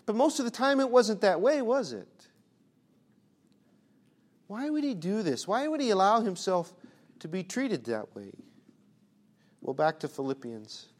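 High-voiced preacher, hushed to loud. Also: male voice, big pitch swings, measured pace, pauses often. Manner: emphatic, swings from hushed to loud; rhetorical questions. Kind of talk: sermon.

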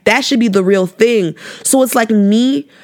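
A woman's voice: a little high, a little slow, a little mellow. A young woman giving casual faith-based advice to viewers in a vlog, preachy and affectionate, sassy and emphatic, often repeating phrases for emphasis. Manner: sassy and emphatic, asking rhetorical questions. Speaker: advice vlogger answering viewer questions.

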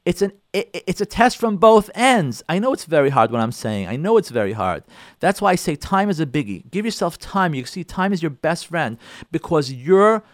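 A man's voice: a little high, big pitch swings, moderate pace, no room sound, clean studio sound. A man, a rabbi, giving an emphatic, repetitive talk on letting go in marriage, acting out spouses' quarrels. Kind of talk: sermon-style talk on relationships.

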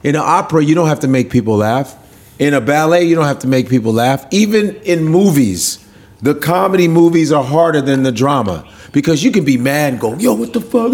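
A standup comedian, chatting casually on a podcast, animated and profane, acting out hecklers. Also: male voice, on the high side. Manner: animated, profane, acts out hecklers in funny voices.

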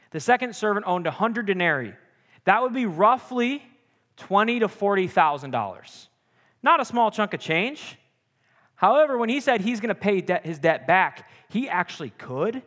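A young man preaching a sermon with animated, joking asides. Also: high-pitched. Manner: animated, jokey asides and acted-out quotes. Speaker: pastor. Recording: long hall reverb.

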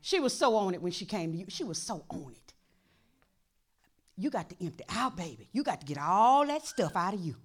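A woman pastor preaching a sermon in a church, impassioned and repetitive, dropping to a hush and then rising to shouts. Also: mid-range voice, sing-song, brisk, husky. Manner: impassioned, repeats phrases, swings from hushed to shouting.

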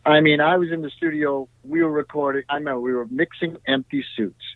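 A man's voice: on the high side, a little fast, a crowd in the background. Man telling stories over a tinny line. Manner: animated, tag questions, frequent "you know". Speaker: guest musician. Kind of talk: storytelling in a podcast interview. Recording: tinny dry phone-like line.

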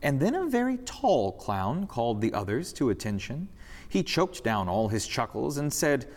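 Expressive man reading a rhyming story. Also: mid-range voice, moderate pace. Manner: expressive, sing-song storytelling. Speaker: reader in a church service. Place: church sanctuary. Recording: reverberant church hall.

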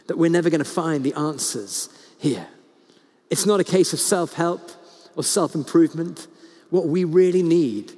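High-voiced male pastor preaching in a hall. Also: a little mellow, slightly rough. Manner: earnest storytelling, slows down for emphasis, frequent restarts. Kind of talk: sermon. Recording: long hall reverb.

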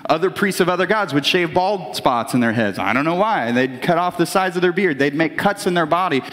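A man's voice: on the high side, lively intonation, a little fast, fairly bright tone. A man preaching a sermon in a conversational way, often restarting and briefly voicing the people he describes. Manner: conversational preaching with many restarts, voices imagined characters. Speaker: pastor. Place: church hall. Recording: long reverb of a large hall.

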